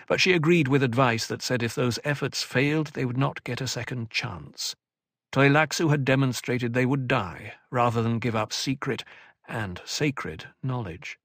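Gravelly male audiobook narrator. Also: medium pitch, fairly bright tone, no echo, clean studio sound. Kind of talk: scripted narration.

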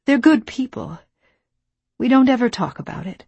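Woman reading a steely young woman, soft and shaky, dry close sound. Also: on the high side, animated, moderate pace, gravelly, husky, no room sound, pitched above the performer's own voice, heavily acted. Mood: sorrowful. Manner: quiet, breaking with emotion. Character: steely young woman confessing her past.

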